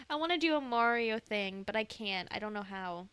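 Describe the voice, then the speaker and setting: A woman's voice: a little high, animated, moderate pace, hardly any pauses, fairly bright tone, clear, resonant tone, no echo. A woman playing a game, reading its dialogue aloud and joking about it in a playful, self-mocking way. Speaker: game player. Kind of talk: let's play commentary, reading dialogue aloud.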